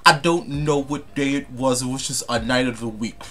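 A man's voice: medium pitch, fairly even intonation, normal speed, fairly bright tone. A young man, ranting to camera in a sassy, profane, emphatic way. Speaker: vlogger. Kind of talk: casual rant to camera.

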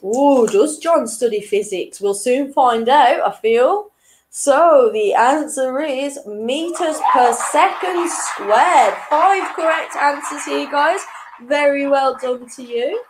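A woman's voice: sits high, background noise. A young woman hosting an online quiz in a chatty, casual way, chuckling between questions. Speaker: quiz host.

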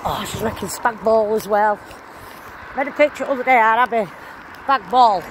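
A woman's voice: a little high, normal speed. An older woman chats in a rambling, broad-dialect way while walking outdoors. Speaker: vlogger. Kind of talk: casual chat while walking. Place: outdoors on a town street. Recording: noisy outdoor street phone recording. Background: traffic and street noise.

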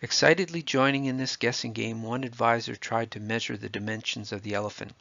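A man with a gravelly, husky voice reading a children's story aloud in a steady, expressive way. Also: mid-range voice, a little fast, dry recording. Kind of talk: scripted storybook narration. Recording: dull lo-fi dry recording.

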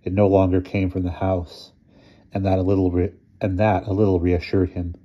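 A deep-voiced man reads a short story aloud, steady and measured. His tone is dark and husky, and the recording sounds dull and lo-fi. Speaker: narrator. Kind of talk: audiobook reading of a short story.

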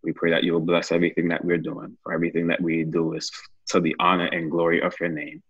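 A man's voice: low voice, completely flat delivery, fast talker, slightly rough, dry recording, highs cut off. A man leading a casual Bible study, who closes it with an earnest, repetitive prayer. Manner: earnest, praying with repeated phrases.

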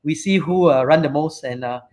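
Man, Malaysian English accent, slightly high voice, casual rambling host, many fillers. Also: normal speed, a little mellow. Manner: rambling, frequent fillers and "right?" tags. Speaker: show host and company CEO. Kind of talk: casual live-stream chat.

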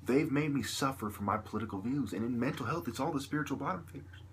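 A man's voice: mid-range voice, quick pace, slight background noise. A man delivering a long, agitated, profane vlog monologue to camera, peppered with "you know.". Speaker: video blogger.

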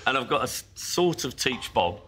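Bright-voiced British man in his sixties. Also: mid-range voice, very animated, moderate pace, slight background noise. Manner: chatty storyteller, laughing often. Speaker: guest. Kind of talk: casual chat. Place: TV studio.

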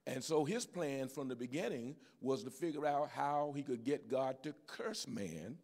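A man's voice: medium pitch, normal speed, darkish tone. An older man preaching a sermon to a church congregation, peppering his talk with amens and frequent restarts. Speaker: pastor. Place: church sanctuary with live audience.

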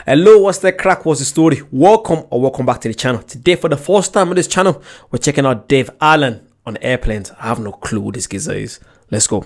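Regular guy reacting to clips, slangy casual chat at the camera, middle pitch. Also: expressive, brisk, darkish tone. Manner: chatty, slangy, talks straight to viewers. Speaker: reaction video host.

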